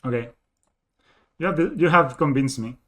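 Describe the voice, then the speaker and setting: A man's voice: fairly high pitch, normal speed. A man streaming a card game, thinking aloud as he counts plays and muttering to himself. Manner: thinks aloud, counting and muttering, bursts into excited laughing disbelief. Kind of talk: live gameplay commentary.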